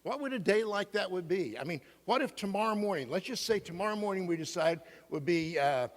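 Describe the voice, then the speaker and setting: Middle-aged male pastor, playful and interactive, slightly high voice, echoing sanctuary. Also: lively intonation, a little fast. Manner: playful, asks the congregation questions. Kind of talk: sermon. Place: church sanctuary. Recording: long reverb of a church hall.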